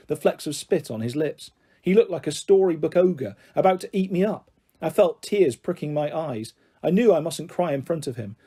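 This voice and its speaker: A man reading a children's storybook aloud in a steady, measured narration. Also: fairly high pitch, breathy edge.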